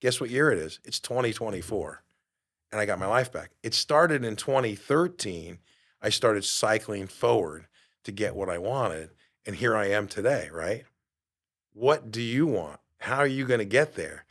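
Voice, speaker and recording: A man's voice: on the low side, expressive, normal speed, a bit bright. A middle-aged man hosting a motivational podcast. He talks emphatically and a little preachy, throws rhetorical questions at the listener and swears casually. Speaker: podcast host.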